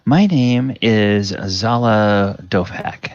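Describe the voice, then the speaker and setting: A man voicing an elegant, ageless human woman who greets shoppers with smooth sales patter. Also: on the low side, very slow, dry recording. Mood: welcoming. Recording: dull lo-fi sound.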